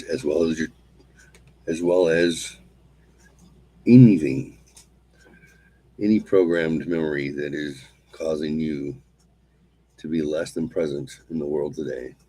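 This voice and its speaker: Solo show host, male, husky and low, slow and soothing repetition between casual asides. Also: low-quality recording. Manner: calm, slow, repetitive chanting of phrases. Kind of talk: solo show, guided mantra and casual chat.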